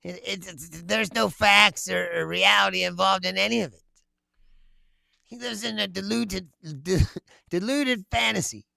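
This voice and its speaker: A man's voice: high voice, steady tone, a little slow, creaky, bright, forceful tone, no echo. A man hosting a political commentary show, talking bluntly with lots of swearing and frequent laughter. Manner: laughs often, blunt and profane. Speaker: host.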